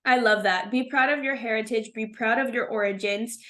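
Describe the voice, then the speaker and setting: A woman speaks in a warm, affirming, emphatic way, encouraging learners. Her voice sits a bit high. She sounds like a teacher in a casual conversation. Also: fairly quick. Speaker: co-host, Spanish and English teacher.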